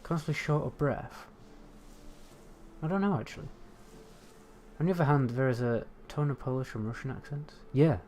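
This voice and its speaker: A man's voice: medium pitch, lively intonation, fairly quick, mellow, a little hiss or hum. A man with a British accent chatting casually on a game livestream, rambling and swearing as he answers chat. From United Kingdom. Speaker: game streamer.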